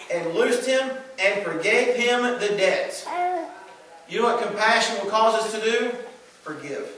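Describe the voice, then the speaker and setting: A man preaching a sermon in a Southern American accent, his voice sitting fairly high. He swings from loud, driving emphasis down to hushed, quiet asides. He is picked up from some distance in a church with a strong, booming echo. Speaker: pastor. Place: church sanctuary. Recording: echoey church from far off.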